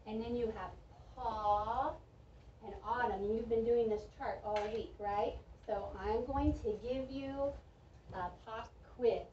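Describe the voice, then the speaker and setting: A woman's voice: on the high side, steady tone, a little mellow, slight background noise. Encouraging teacher woman in an echoey classroom. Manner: slow, clear, encouraging teacher talk with drawn-out words. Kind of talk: classroom reading lesson for young children. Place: school classroom. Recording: echoey, distant, dull classroom recording.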